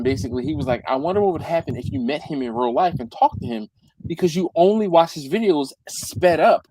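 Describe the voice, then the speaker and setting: A man's voice: fairly high pitch, a little mellow, low-quality recording. A man hosting a casual live chat, rambling and stumbling over repeated words, acting out quotes with jumps in his voice. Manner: acts out quotes with big jumps in voice. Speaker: livestream host.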